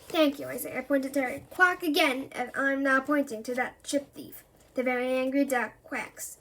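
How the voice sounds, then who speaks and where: A woman reading a children's book aloud in a lively way, giving the characters voices with sudden loud jumps. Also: high voice, normal speed. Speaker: reader.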